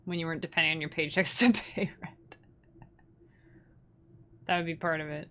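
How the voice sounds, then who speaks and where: A woman's voice: low-pitched, steady tone, normal speed, long pauses, fairly bright tone. A young woman, hosting a livestream in casual, rambling chat and laughing often. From Canada. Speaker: livestream host.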